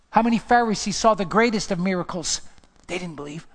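A male pastor telling his life story in a sermon, chatty and animated, asking the crowd questions and often restarting his sentences. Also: high voice, moderate pace, long pauses. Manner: storytelling, animated, asks the audience questions, repeats himself. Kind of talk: testimony sermon.

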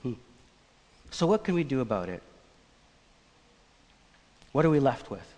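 A man preaching a sermon, telling a personal story in a conversational, animated way. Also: medium pitch, a little slow. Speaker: pastor. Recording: long church reverb.

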